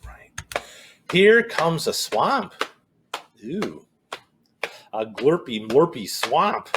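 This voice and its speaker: A man's voice: a little high, big pitch swings, extremely slow, background noise. A man leading a children's story walk outdoors, chanting a repeating refrain with playful exclamations. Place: outdoors in a cornfield and woods.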